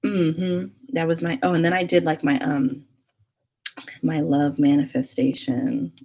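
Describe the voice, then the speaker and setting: A young woman chats casually with viewers on a livestream, her voice low and husky. She is talkative and loose, dropping into whispers for asides. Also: a little slow. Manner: chatty, animated, laughs and whispers asides. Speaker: livestream host. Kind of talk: casual live chat reading comments.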